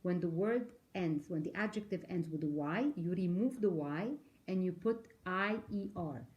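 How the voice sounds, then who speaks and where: A woman leads an English grammar lesson, her voice mellow and soft-edged. She works through examples one at a time, quizzing her listeners and spelling words out letter by letter. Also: on the low side, normal speed, muffled recording. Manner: patient, explains step by step, asks the class questions, spells words out. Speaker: English teacher. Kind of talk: recorded online grammar lesson.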